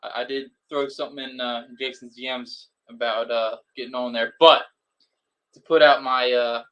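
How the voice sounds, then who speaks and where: A man with a bright, forceful voice hosting a casual sports podcast. He talks in an animated way and often stumbles into restarts before finishing a thought. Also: mid-range voice, normal speed, dull audio. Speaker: podcast host.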